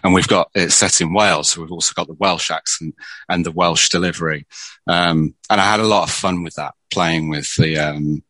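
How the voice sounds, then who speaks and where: A man's voice: low voice, fairly even intonation, moderate pace, bright, forceful tone, no room sound, low-quality recording. A man, a screenwriter, telling stories in casual conversation with many restarts. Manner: chatty storyteller, many restarts. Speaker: screenwriter guest.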